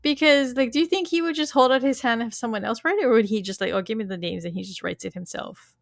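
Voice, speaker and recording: Animated woman recapping with a gravelly edge. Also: on the high side, fast, no room sound, clean studio sound. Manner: laughs often, animated storytelling with quoted lines. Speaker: podcast co-host. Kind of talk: casual chat recapping a TV episode.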